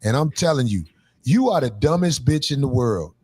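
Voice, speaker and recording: A man ranting loudly and profanely in a sing-song way, talking with his podcast co-hosts. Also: medium pitch, animated, moderate pace, husky. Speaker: comedian. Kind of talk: angry rant.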